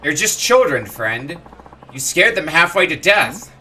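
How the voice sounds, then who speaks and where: A man playing an earnest young foreigner set on the warrior's path, speaking with principled conviction. The voice is bright and lively in pitch, delivered at an unhurried pace. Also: slight background noise, heavily acted. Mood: indignant.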